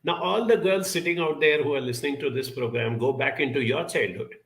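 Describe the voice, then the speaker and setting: Gravelly bright-voiced man, echoey room. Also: medium pitch, a little fast. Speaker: podcast guest. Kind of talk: reflective storytelling.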